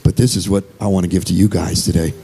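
A man's voice: low voice, fairly even intonation, fast, gravelly, warm tone, breathy edge. A man giving an earnest, conversational sermon as a visiting speaker and singer, repeating phrases as he goes.

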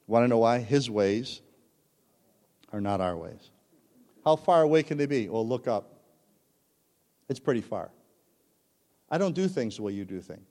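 Pastor, male, middle pitch, lively storytelling sermon; long hall reverb. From Italian-American family. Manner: storytelling, animated, acts out voices.

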